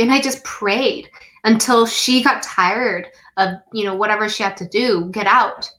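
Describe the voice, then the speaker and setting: A woman from the United States, a guest in a conversation, telling a personal story earnestly, with frequent "um" and "like" and some slowed phrases for emphasis. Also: mid-range voice, sharp tone, poor audio.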